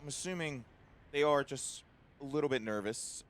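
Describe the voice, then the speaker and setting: A man's voice: mid-range voice, moderate pace, a little hiss or hum. A young man doing live esports commentary, laid-back and teasing, calling the rotations and utility. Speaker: esports caster. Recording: game music playing under the voice.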